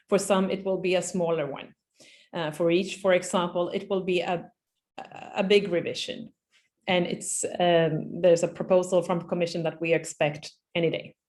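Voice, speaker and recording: Woman presenter, mid-pitched, measured delivery with fillers, webinar talk. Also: darkish tone. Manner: measured, with frequent fillers and restarts. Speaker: policy speaker at a webinar. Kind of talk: presenting slides in an online webinar.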